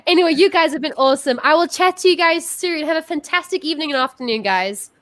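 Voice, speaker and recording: A woman's voice: sits high, lively intonation, fast, fairly bright tone, no echo. Bubbly South African woman hosting. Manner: bubbly and effusive, laughs often. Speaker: host. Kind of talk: online music show hosting.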